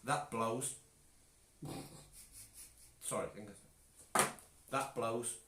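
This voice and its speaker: A man's voice: medium pitch, steady tone, very slow. Joking man on a live stream, echoey room. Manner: joking, banters and slips into silly voices. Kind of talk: casual chat. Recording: echoey room with faint noise.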